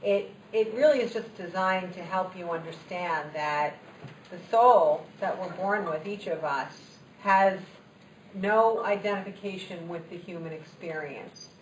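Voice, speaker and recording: A woman's voice: fairly low pitch, measured pace. A woman speaking to a group in a reflective, explanatory way. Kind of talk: talk to a group. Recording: echoey room from far off, faint noise.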